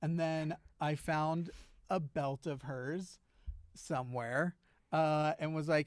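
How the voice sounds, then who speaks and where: A man's voice: a little high, steady tone, takes it slowly, no echo, studio quality. A man talking casually on a livestream, hesitant, with many "uh" and "like" fillers and restarts. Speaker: livestreamer in a played clip.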